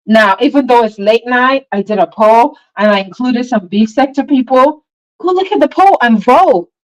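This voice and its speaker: A woman's voice: a little high, expressive, moderate pace, no room sound, poor audio. A woman hosting a casual livestream, talking through drama with her chat in a rambling way, sometimes dropping to a near whisper. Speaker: livestream host. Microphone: phone.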